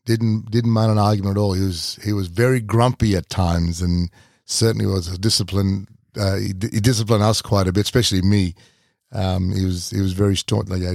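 Gravelly deep Australian man telling a story. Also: dark tone, dry recording, studio quality. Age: middle-aged. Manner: halting, repeats words as he recalls. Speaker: podcast host. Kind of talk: personal storytelling.

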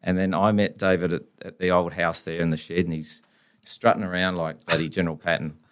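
A very deep-voiced Australian man spinning blunt, down-to-earth anecdotes. He talks in a casual, colloquial way as a podcast guest. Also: level tone, brisk, smooth. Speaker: company founder, guest. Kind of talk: casual storytelling.

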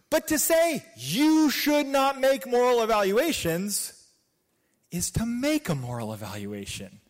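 A man preaching with a lively, swinging delivery. His voice sits a little high for a man, and he climbs to loud emphatic peaks before dropping into soft asides. It sounds like a pastor working through a sermon. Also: normal speed.

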